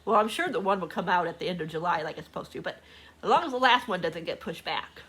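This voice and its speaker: A woman chatting casually in a book vlog, gushing and excitable, laughing often, talking from a room at home. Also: fairly low pitch, fast, breathy edge. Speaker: book vlogger. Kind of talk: casual reading vlog chat. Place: home room with door open.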